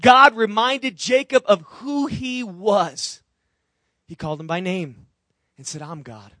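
High-voiced man preaching with emphasis. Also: expressive, slow, bright, forceful tone, dry recording. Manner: earnest, emphatic preaching with repeated phrases; asks the audience questions directly. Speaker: pastor. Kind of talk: sermon.

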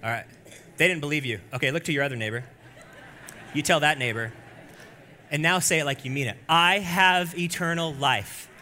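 A man preaching a church sermon with a bright, clear-edged voice. He drops into hushed, low stretches, then climbs into loud, high exclamations. The delivery stays lively and direct with the congregation. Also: a little fast, long pauses, slight background noise. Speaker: pastor.

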